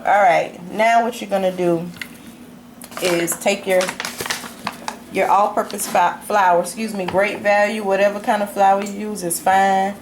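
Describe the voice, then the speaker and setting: A woman with a voice of ordinary pitch talks viewers through a home recipe in a relaxed, chatty way. She speaks straight to the audience as she cooks. Clattering pots and dishes sound clearly behind her in the kitchen. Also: unhurried, background noise. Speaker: home cook demonstrating a recipe. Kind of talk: casual cooking tutorial.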